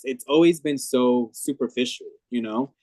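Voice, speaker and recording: A man's voice: mid-range voice, moderate pace, darkish tone, no echo. A man being interviewed, talking reflectively and openly with frequent fillers and restarts. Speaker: guest. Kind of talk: candid conversational interview.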